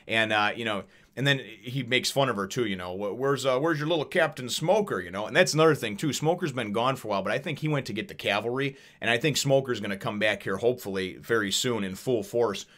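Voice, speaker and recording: Here a man with a somewhat bright, lowish voice goes through a manga chapter at a quick clip. It's rambling, profane small talk, full of fillers and little laughs.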